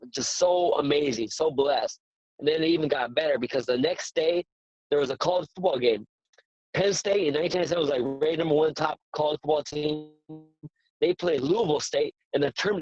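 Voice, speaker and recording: Man in his forties, boxing trainer, eager storyteller, a bit high-pitched, dry and dull lo-fi sound. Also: no echo. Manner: earnest, excitable storyteller who repeats words. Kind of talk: casual interview storytelling.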